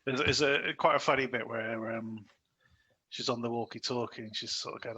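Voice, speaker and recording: A man's voice: mid-range voice, steady tone, normal speed, bright, forceful tone, a little hiss or hum, low-quality recording. A man co-hosting a casual film review podcast, chatting with lots of fillers and restarts and acting out quoted lines. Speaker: podcast co-host.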